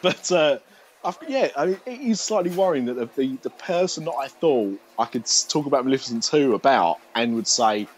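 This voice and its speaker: A man's voice: mid-range voice, expressive, brisk, a little hiss or hum, poor audio. A British man hosting a podcast in casual, rambling chat, joking, swearing and laughing as he talks. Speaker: podcast host.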